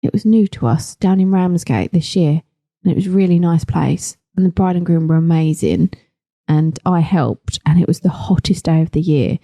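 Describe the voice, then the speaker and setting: A woman's voice: on the low side, normal speed, dark tone, dry recording. A woman, co-hosting a podcast in a giggly, teasing way. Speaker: podcast co-host. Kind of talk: casual chat.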